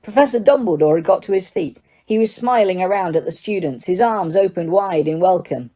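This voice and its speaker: A woman narrating an audiobook in a steady reading voice, with the odd stumble. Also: fairly low pitch, a little fast.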